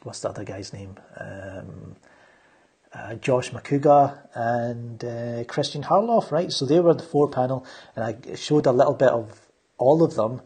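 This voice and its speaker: A man in easy podcast conversation, his voice a little husky at an ordinary middle pitch. He rambles along and keeps restarting his sentences around plenty of fillers. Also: unhurried, darkish tone. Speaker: channel host. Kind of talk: casual podcast chat.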